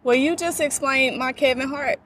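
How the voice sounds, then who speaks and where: A woman's voice: high-pitched, normal speed, a bit bright. A woman hosting a podcast in casual chat, blunt, profane and playful. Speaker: podcast host.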